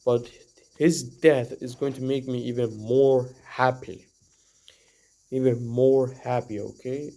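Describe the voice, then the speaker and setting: A man's voice: mid-range voice, fairly even intonation, slow, warm tone. A young man from Iran giving a rambling, earnest opinion monologue to the camera, full of "like" and "you know". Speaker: vlogger.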